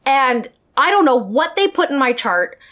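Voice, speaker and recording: Chatty woman vlogger, slightly high voice. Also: big pitch swings, normal speed, a bit bright. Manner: chatty, speaks directly to viewers. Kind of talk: storytime vlog.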